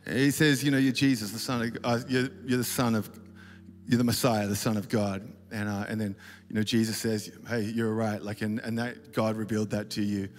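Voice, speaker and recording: A man's voice: fairly low pitch, little pitch movement, fairly quick, faint music behind. Rambling man talking in a big hall. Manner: rambling, self-deprecating, many fillers and restarts. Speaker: worship leader speaking at a conference. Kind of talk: casual conference talk with storytelling. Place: large auditorium stage. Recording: reverberant hall, faint ambience.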